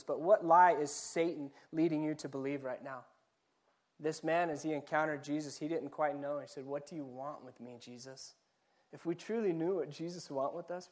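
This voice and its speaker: A man's voice: fairly high pitch, a little mellow. A man, a pastor, preaching a sermon, building points through repeated phrases and direct questions to the listeners. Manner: preaching with rising emphatic repetition.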